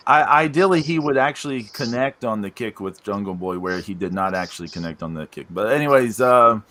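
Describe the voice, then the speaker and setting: A man's voice: on the low side, animated, fairly quick, pushed and bright. A man co-hosting a casual wrestling podcast, bluntly reading his critical notes. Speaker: podcast co-host.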